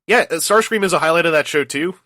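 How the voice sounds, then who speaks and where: A man with a fairly high, bright and forceful voice, talking fast in an opinionated and animated way on a casual podcast. He laughs often between his points. The sound is dry and close, with no room in it. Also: dry recording. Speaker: podcast co-host. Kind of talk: casual chat.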